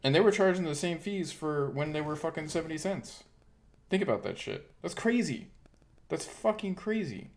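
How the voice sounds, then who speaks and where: A man's voice: a little high, expressive, normal speed. Swearing, frustrated male livestream host. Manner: frustrated, heavy swearing, ranting. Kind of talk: casual livestream rant.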